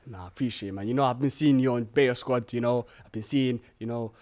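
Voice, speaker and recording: A young-sounding man who rattles along at a quick clip, his voice pitched in the middle range. He hosts with eager enthusiasm, filling his lines with "you know" and "man". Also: a little mellow. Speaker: podcast host. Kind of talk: casual podcast interview.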